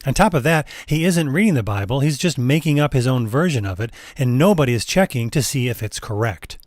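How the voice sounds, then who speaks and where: A man giving measured, skeptical commentary in a voice-over. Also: medium pitch, animated, no echo, studio quality.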